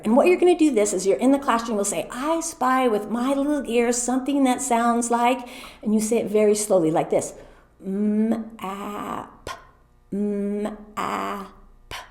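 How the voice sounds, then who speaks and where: A middle-aged American woman explaining classroom routines to teachers in a clear, patient way, sounding out words slowly. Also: fairly high pitch, lively intonation, darkish tone. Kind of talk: teacher training presentation. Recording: echoey room.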